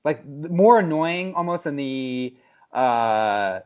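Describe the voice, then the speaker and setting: A man's voice: mid-range voice, animated, slow, smooth. A man co-hosting a podcast, ranting in casual chat and mimicking people in exaggerated voices. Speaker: podcast co-host. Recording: dull lo-fi sound.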